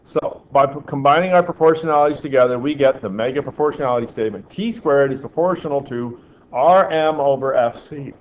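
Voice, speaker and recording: A male physics teacher lectures his class, firing questions at students and slipping in deadpan jokes. The classroom recording sounds slightly muffled, with a faint hiss behind his voice. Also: medium pitch, a little fast. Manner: dry joking asides, quizzing students.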